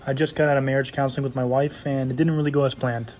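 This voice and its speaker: A man telling crude jokes as first-person stories, building brisk deadpan setups toward punchlines and swearing along the way. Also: medium pitch, slight background noise. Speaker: joke storyteller.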